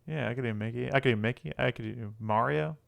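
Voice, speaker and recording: A man's voice: mid-range voice, fast, creaky. A young man co-hosting a casual gaming podcast, joking and laughing as he rambles. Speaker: podcast co-host.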